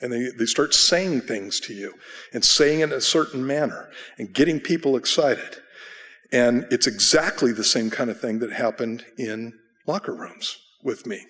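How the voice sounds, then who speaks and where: A man of middling pitch teaches in a church, chatty and self-deprecating, with frequent restarts. His voice rings out in a long hall reverb. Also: normal speed, a bit bright. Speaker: pastor. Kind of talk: conversational Bible study teaching. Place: church sanctuary.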